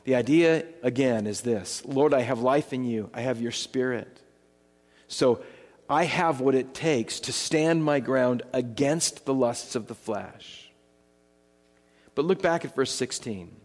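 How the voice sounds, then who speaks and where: A man's voice: mid-range voice, expressive, unhurried. Emphatic preaching man in a reverberant hall. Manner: emphatic, rising and falling preaching delivery. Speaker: pastor. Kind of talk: sermon.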